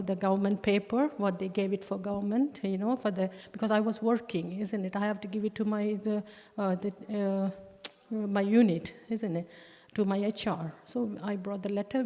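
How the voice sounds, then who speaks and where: A woman of middle pitch gives a personal testimony in church. She speaks earnestly and haltingly, restarting phrases and slowing down to stress key words. Her voice carries a long reverb from the hall. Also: warm tone. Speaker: church member giving testimony.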